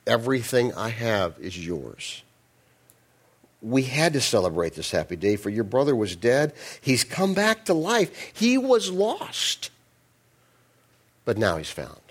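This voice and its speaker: A man voicing a tender father pleading softly with his son. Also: medium pitch, big pitch swings, slow, husky, full character voice. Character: gentle loving older father pleading with son.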